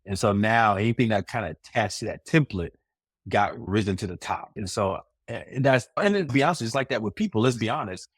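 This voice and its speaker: A man's voice: on the low side, animated, a little fast, breathy edge, no room sound, clean studio sound. A man co-hosting a podcast in casual chat, reflective and rambling, laughing often. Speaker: podcast co-host.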